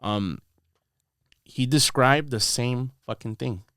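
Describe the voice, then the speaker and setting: A man's voice: medium pitch, takes it slowly, a bit bright, clean tone, no room sound. A man, a podcast guest in a studio, telling a rambling story in casual slang full of "dude" and "bro".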